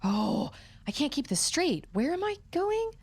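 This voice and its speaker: A woman's voice: sits high, sing-song, unhurried. A woman streamer chatting casually and thinking aloud while she plays a game. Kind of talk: casual gameplay chat.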